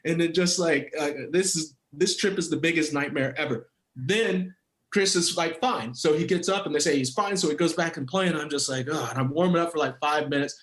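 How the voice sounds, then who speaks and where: A middle-aged man, a former pro footballer, telling a story as a podcast guest, animated and laughing often. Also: fairly high pitch, a little fast. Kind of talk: casual storytelling. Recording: roomy echoey sound.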